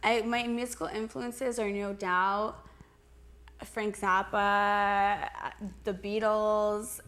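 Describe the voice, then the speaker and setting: A woman's voice: mid-range voice, little pitch movement, slow pace, fairly bright tone. A young adult woman answering interview questions in a chatty, giggly way, full of "like" and restarts. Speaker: interview guest.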